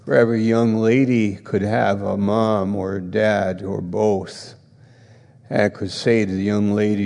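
A man preaching a sermon in a slow, earnest way, rising in pitch for emphasis, and leading a prayer. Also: little pitch movement, creaky, a little mellow, in a large hall.

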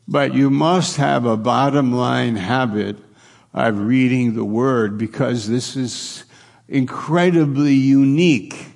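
A man's voice: medium pitch, fairly even intonation, takes it slowly, vocal fry, a little mellow. A middle-aged man preaching a conversational sermon as a pastor, plain-spoken and repeating his points for emphasis.

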